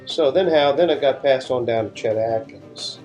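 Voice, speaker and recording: A man's voice: mid-range voice, moderate pace, darkish tone, soft background music. Laid-back man telling studio stories. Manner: rambling, restarts sentences, laid-back storytelling. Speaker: session guitarist, interview guest. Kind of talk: casual interview storytelling.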